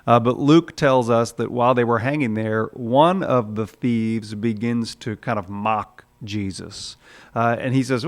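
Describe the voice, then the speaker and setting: A man's voice: medium pitch, a little slow. A man preaching a sermon in a conversational way, with frequent "uh"s, now and then acting out the voices in his story. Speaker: pastor.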